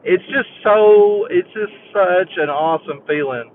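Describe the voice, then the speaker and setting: A man's voice: high voice, unhurried, a little hiss or hum. Male caller on a tinny phone line. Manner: rambling, laughing storyteller. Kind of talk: phone-in chat.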